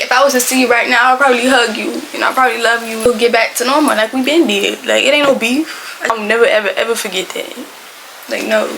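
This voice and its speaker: A young woman telling a storytime to camera, animated, emphatic and slangy. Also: fairly high pitch, slight background noise, rough recording. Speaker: storytime vlogger.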